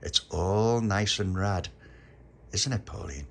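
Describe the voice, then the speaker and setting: Man putting on a low theatrical vampire, slow and creepy. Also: vocal fry, slight background noise, exaggerated voice. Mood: sinister.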